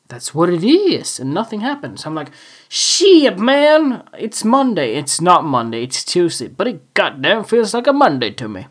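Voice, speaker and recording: A man's voice: a little high, fairly bright tone. A man hosting a casual solo podcast, rambling and joking about his week, laughing at himself often. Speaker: podcast host. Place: home room with window open.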